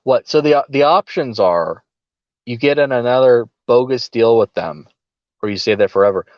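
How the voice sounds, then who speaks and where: A man's voice: medium pitch, lively intonation, moderate pace, dry recording, muffled recording. A man co-hosting a political podcast, talking casually with a sarcastic, mocking edge and frequent laughs. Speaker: podcast co-host.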